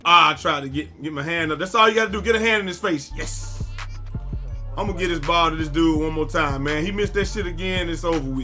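A young man giving loud, excitable live commentary while playing a basketball video game, often yelling at his teammates. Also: a little high, moderate pace, faint music behind. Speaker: gaming YouTuber.

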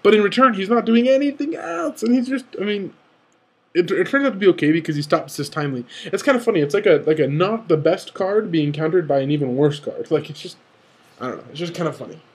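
Young male commentator, fairly high and a touch breathy, eager and rambling as he talks through a game. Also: lively intonation. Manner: eager, rambling, often rushes and self-corrects. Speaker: card game video commentator. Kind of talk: excited game analysis commentary.

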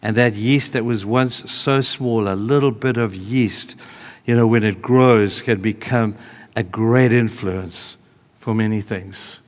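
A man's voice: lowish voice, slow pace. Man preaching in a reverberant hall. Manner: animated storytelling, shifts between hushed and raised. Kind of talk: sermon.

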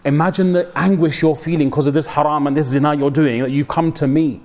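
A young man delivers a mosque sermon. His voice sits a little high and he keeps it conversational, mixing slang into the preaching. He acts out the people he quotes. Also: steady tone, a little fast, a little mellow. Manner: code-switches with slang, dramatic quoted voices. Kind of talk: mosque talk.

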